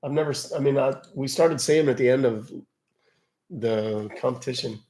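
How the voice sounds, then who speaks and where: A man's voice: medium pitch, normal speed, darkish tone. A man with a not yet recovered voice, chatting wryly through a live stream about scam calls. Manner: chatty, wry, loose asides.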